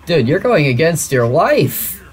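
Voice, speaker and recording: A gaming video host giving let's-play commentary, excitable and prone to shrieking and laughing between quieter musing. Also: medium pitch, a little slow.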